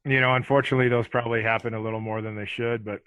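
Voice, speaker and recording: A middle-aged man, a former hockey enforcer, telling rambling, animated stories as a podcast guest. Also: medium pitch, very fast, smooth, no room sound. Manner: rambling, animated, lots of fillers. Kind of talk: casual storytelling.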